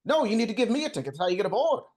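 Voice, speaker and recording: A woman voicing a brisk, cheery old caravan conductor who checks tickets in a tabletop role-play. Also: a little high, sing-song, a little mellow. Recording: faint music behind.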